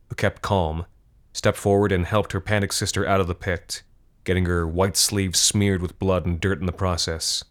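A man reading a scripted horror story in a measured, grim manner. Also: deep voice.

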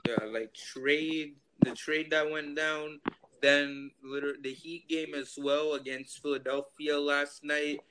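A man with a slightly raised but very flat voice hosts a casual sports show, moving the talk along and bringing in guests. Clear noise runs under his voice the whole time. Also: a little high, slow. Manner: steers the talk, welcomes guests. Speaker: show host. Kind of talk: hosting casual sports chat.

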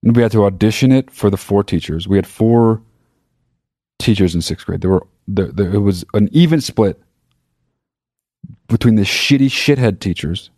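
A man with a fairly low voice tells a comedic story, swearing freely and stopping to correct himself as he goes. His tone is sarcastic and self-mocking. The sound is dry and close. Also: normal speed, pauses often, a little mellow, dry recording. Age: adult. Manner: profane, sarcastic, rambling with self-interruptions.

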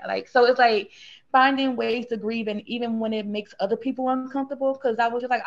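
A woman speaking earnestly and at length as an interview guest, rambling through a personal story of grief and getting animated when she quotes others. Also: a little high, a little fast, highs cut off. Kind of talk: emotional conversational interview.

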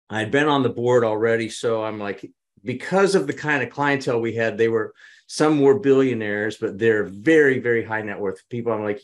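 A man telling business stories in a conversational interview and acting out quoted lines. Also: fairly low pitch. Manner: animated, dramatizes quotes. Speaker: business consultant guest. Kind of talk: conversational storytelling.

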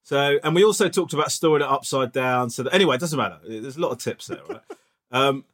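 A man's voice: medium pitch, lively intonation, fast, a bit bright. A man co-hosting a podcast, chatting casually and teasing his friend with jokey banter. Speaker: podcast co-host. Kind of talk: casual comedic chat.

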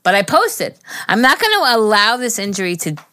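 A woman's voice: on the high side, very animated, brisk, sharp tone, no room sound, studio quality. A middle-aged woman, tipsy and slurring slightly, talking candidly and emotionally as a podcast co-host. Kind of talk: casual chat.

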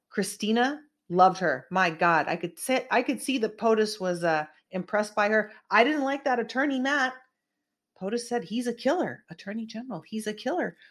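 A middle-aged woman from California hosting an online show, giving a rambling, emphatic commentary monologue full of asides. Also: mid-range voice. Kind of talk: casual political commentary monologue.

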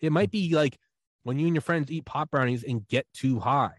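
A man chatting on a podcast, telling a rambling story with animated energy, acting out quoted voices and swearing freely. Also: medium pitch, moderate pace, no echo. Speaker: podcast host. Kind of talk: casual podcast chat.

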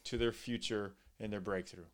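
A man's voice: lowish voice, steady tone, moderate pace. A man hosting a podcast, enthusiastic and full of hype, calling his guest dude and brother. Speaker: podcast host. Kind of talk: casual interview.

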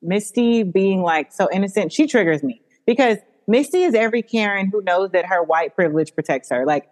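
A woman hosting a podcast, talking in an animated, emphatic casual chat and swearing freely. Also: mid-range voice, brisk. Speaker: podcast host. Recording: long hall reverb.

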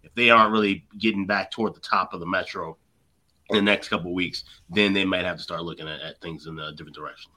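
A deep-voiced man talks fast in casual sports betting chat. His tone is sharp and forceful. He packs his talk with fillers and quick restarts. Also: fairly even intonation. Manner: rapid, filler-heavy, restarts often.

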